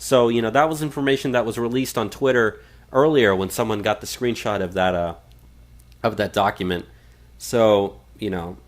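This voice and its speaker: A man co-hosting a political talk podcast, reading out quotes and chatting with many fillers and restarts. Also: fairly low pitch. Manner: reads quotes aloud, frequent fillers and restarts. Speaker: podcast co-host. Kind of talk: casual political talk radio.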